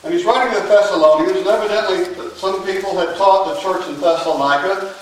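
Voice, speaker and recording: A man preaching a sermon in a church, emphatic and unhurried, pausing long and often dropping to a quiet voice. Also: high-pitched, a little hiss or hum. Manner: emphatic, with long pauses and sudden drops to a quiet voice. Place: church sanctuary. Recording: very echoey church, mic at a distance.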